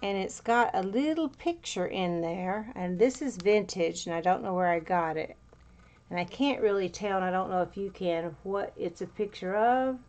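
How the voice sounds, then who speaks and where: A woman's voice: mid-range voice, moderate pace, a little mellow. A woman chatting casually as she pages through a handmade journal, rambling a little and slightly out of breath. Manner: chatty, meandering, with fillers. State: a bit out of breath. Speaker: crafter showing a handmade journal. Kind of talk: casual walkthrough.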